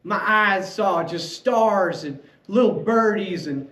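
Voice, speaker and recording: A man giving a prepared storytelling speech at a club meeting, animated and playful as he tells a tale. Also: high-pitched, slow pace, background noise. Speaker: club speaker. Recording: echoey room, faint ambience.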